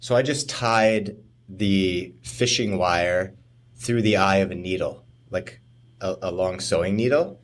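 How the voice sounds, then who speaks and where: A man with a low voice co-hosts a podcast in casual chat, slowly telling a rambling story. He laughs often and lets his sentences trail off.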